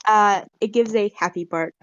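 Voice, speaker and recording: A woman's voice: medium pitch, normal speed, dry recording. A woman narrating a tabletop game as game master, with many fillers. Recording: dull, dry call audio.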